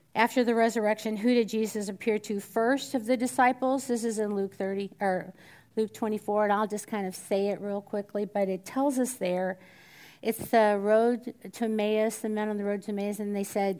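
A woman teaches a Bible study in a relaxed, conversational way. She often turns to her listeners with questions. At moments her voice sinks to a hushed whisper. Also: medium pitch. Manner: conversational, drops to a whisper at times, asks the room questions.

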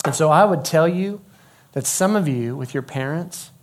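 A middle-aged man preaching a sermon in a conversational, emphatic way, dropping to a hush when he quotes people. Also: fairly high pitch, lively intonation, moderate pace. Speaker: pastor.

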